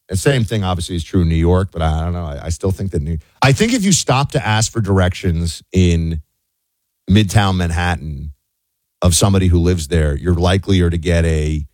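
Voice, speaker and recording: A middle-aged man from the United States hosting a show, talking in a loose, animated way full of fillers and restarts. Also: low-pitched, no echo. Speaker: show host. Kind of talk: casual commentary monologue.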